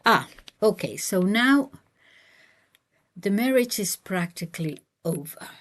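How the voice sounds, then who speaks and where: A woman's voice: mid-range voice, expressive, slow. A woman reading a novel aloud and adding chatty asides, with fillers and restarts between passages. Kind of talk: reading aloud with casual commentary.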